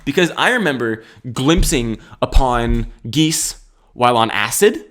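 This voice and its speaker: A man in his twenties talks alone on his podcast at an average pitch for a man. His delivery is loose and rambling, full of jokes, swearing and frequent laughs. He sounds like he is thinking out loud as he goes. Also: lively intonation, a little slow. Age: 20s. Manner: rambling and jokey, laughs often, swears casually. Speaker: podcast host. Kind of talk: solo comedic podcast monologue.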